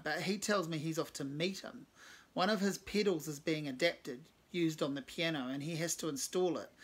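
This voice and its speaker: A man's voice: a little high, a bit bright. A man reading his own first-person short story, with wry, self-deprecating asides.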